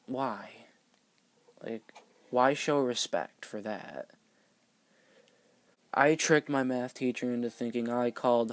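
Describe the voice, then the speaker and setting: A man's voice: medium pitch, darkish tone, dry recording. A teenage boy vlogger telling a school story in a casual, rambling way, full of "like" fillers. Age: teens.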